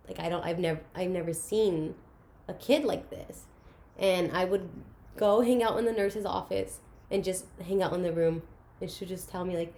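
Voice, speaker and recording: A young woman casually telling a personal story about her school years, animated and acting out the voices of the people in it. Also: fairly low pitch, normal speed. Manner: animated, acts out quoted voices, laughs through emotional moments. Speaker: guest sharing her story.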